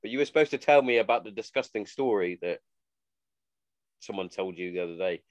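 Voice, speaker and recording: A man's voice: on the low side, animated, fairly quick, dry recording. A man co-hosting a podcast, chatty and laughing often in casual talk. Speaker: podcast co-host.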